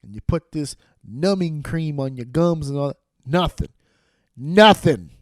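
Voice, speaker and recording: A man hosting a podcast, telling a loud, angry, profane comic rant into a studio microphone. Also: fairly high pitch, normal speed, no room sound. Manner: loud, angry, swearing storyteller. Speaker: podcast host.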